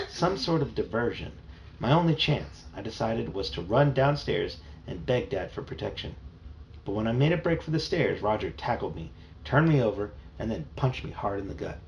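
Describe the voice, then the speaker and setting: Gravelly man reading a children's novel. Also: fairly low pitch. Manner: plain storytelling with small slips. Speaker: reader. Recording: muffled home recording, faint hiss.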